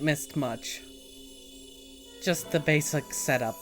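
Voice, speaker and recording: Very low-voiced woman streaming a game. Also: slow pace, soft background music. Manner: chatty, thinks aloud, greets viewers. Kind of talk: casual live-stream chat. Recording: noisy home stream audio.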